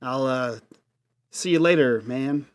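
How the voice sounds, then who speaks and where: A man's voice: mid-range voice, takes it slowly, clean tone, no echo, clean studio sound. A man playing his character in a tabletop role-play, joking and rambling with many restarts. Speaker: player.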